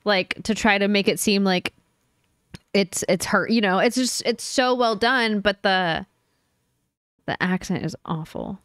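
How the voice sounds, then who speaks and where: Brief: young woman podcast co-host, opinionated and emphatic, mid-pitched, close dry sound. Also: a little slow, fairly bright tone, clean tone, dry recording. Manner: opinionated, emphatic, casual swearing. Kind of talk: casual chat.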